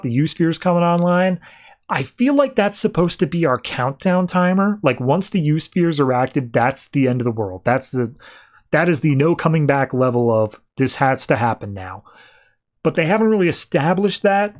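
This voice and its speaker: A man hosting a podcast, recapping and reviewing comics in a loose, rambling way, often quoting characters offhandedly. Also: on the high side. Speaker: podcast host.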